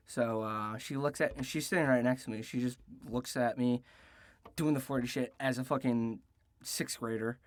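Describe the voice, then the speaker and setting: A man's voice: mid-range voice, fairly even intonation, moderate pace. A young man in his late teens telling a casual story-time tale, rambling and profane with lots of restarts and fillers. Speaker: storytelling vlogger.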